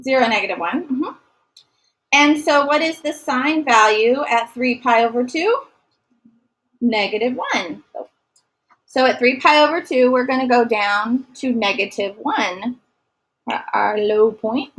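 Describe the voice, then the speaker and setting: A woman's voice: fairly high pitch, a little slow, fairly bright tone, low-quality recording. A woman teaching a math lesson to a class, encouraging and sometimes singing short note patterns. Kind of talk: classroom lecture.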